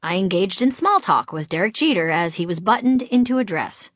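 A woman's voice: medium pitch, lively intonation, a little fast, no echo. Brief: middle-aged woman from Boston, audiobook memoir, wry and candid, dry close-miked sound. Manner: wry, candid, comic timing. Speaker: author narrating her memoir.

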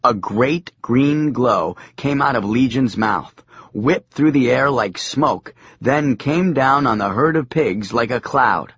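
Husky male audiobook narrator. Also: medium pitch, slow pace, dry recording, highs cut off. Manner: dry, deadpan wisecracking delivery. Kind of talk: audiobook narration, comic novel.

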